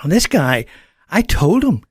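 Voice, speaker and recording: A man's voice: on the high side, very animated, a little slow, husky, dry recording, clean studio sound. A man with an Irish accent, a guest on a radio show, talking earnestly and rambling a little, restarting his sentences. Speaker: guest, men's radio program presenter. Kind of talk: casual radio interview. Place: radio studio.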